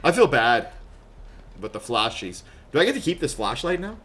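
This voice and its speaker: Excitable streamer man, lively and bright. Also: medium pitch. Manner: excitable, chatty, quick to laugh and yelp. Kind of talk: live gameplay commentary.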